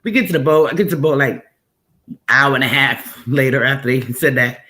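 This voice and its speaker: A woman's voice: very deep voice, a little fast, fairly bright tone. A woman host tells stories in casual, emphatic chat and repeats phrases for effect.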